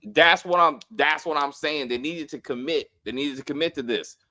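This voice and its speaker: A man co-hosting a casual TV review chat, animated and profane, acting out scenes and apologizing for his tangents. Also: fairly high pitch, normal speed. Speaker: co-host of a TV review show.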